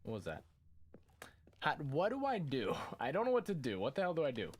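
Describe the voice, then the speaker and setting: A man's voice: fairly high pitch, huge pitch swings, fairly quick, slight background noise. Goofy young man chatting over a game. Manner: goofy, talks back to the game, easily startled. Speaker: gaming youtuber. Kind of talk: casual gameplay commentary.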